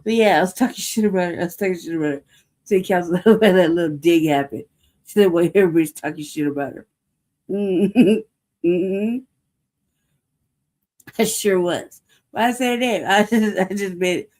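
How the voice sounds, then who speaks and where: An American woman hosts her show in a heated, profane rant. She repeats herself and swears freely, and her voice sits a little low with a dark, mellow tone. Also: moderate pace, pauses often. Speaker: show host. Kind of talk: ranting commentary.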